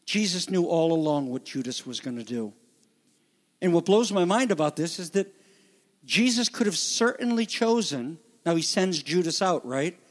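A male pastor delivers a sermon in a rather high voice. He preaches with passion, rising to loud emphatic peaks and dropping to hushed, almost whispered lines. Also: expressive, moderate pace. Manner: impassioned, swings between loud emphasis and hushed near-whispers.

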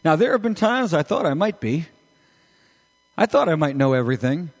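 A man preaching a sermon as pastor, animated and emphatic, with sudden rises in his voice. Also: a little high, moderate pace, in a large hall. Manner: animated, rising to emphatic peaks.

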